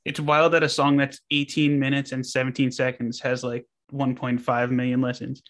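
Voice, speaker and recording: A man's voice: mid-range voice, level tone, moderate pace. A man co-hosting a music podcast, easygoing in casual chat, often chiming in with short agreeing replies. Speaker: podcast co-host.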